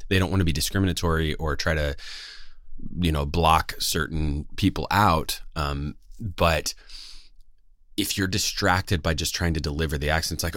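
Man, very deep voice, West Coast American accent, dry close sound, earnest, lots of fillers. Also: a bit bright, dry recording. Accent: General American, West Coast. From West Coast of the United States. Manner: earnest, rambling, many fillers and restarts. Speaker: voice actor. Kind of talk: casual talk to camera.

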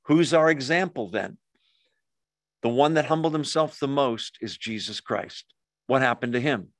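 Man, mid-pitched voice, Bible study teacher, conversational, fillers and asides, dry close sound. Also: a little slow, dry recording.

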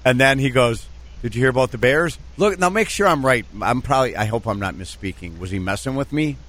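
A middle-aged man co-hosting sports radio, telling animated stories about his son and football in casual banter. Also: mid-range voice, fairly quick. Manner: storytelling, animated anecdotes. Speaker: radio co-host.

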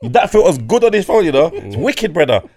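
A man's voice: a little high, big pitch swings, fairly quick, darkish tone. A middle-aged man, mocking and laughing through casual podcast banter. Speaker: podcast guest.

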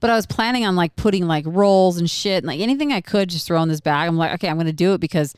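A young woman hosting a podcast, telling a story in casual chat, animated and profane, laughing often. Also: on the low side, fast talker, smooth, dry recording, clean studio sound. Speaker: podcast co-host.

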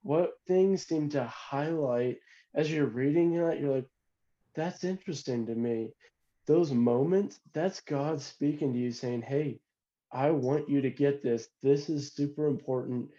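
A man's voice: fairly high pitch, a little slow, warm tone, lo-fi sound. A man in a devotional talk, encouraging listeners to open their Bibles and listen. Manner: encouraging, plain-spoken.

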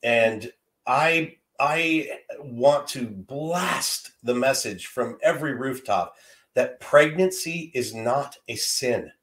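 A man's voice: medium pitch, animated, slow, fairly bright tone. A man in his fifties telling a heartfelt personal story as a guest, earnest and often repeating words as he gathers his thoughts. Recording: roomy echo.

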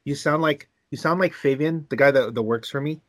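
A man's voice: fairly high pitch, fairly quick. A man co-hosting a casual podcast, talking animatedly, swearing and telling long stories. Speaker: podcast co-host. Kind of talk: casual chat.

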